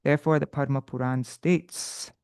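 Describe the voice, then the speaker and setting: A man leading an unprepared live study session, thinking aloud with halting restarts and self-corrections, now and then chanting verses slowly. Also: medium pitch, fairly even intonation, creaky, a little mellow, clean tone, dry recording, clean studio sound. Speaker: teacher of scripture study.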